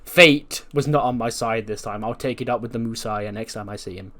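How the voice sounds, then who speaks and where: A man's voice: fairly low pitch, fairly quick, a bit bright. A man hosting a casual let's-play commentary in a laid-back way, swearing now and then. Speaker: gaming video host.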